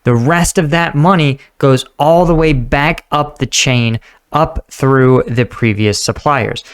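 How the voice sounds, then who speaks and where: A man hosting a reaction video, chatting casually and musing out loud, laughing often. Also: mid-range voice, takes it slowly, clear, resonant tone. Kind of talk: casual commentary.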